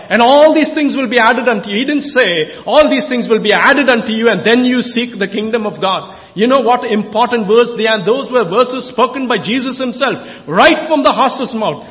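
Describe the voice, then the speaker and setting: A man's voice: very high voice, big-room sound, highs cut off. A man preaching an impassioned sermon in a church, repeating and exhorting his listeners. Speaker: lay preacher.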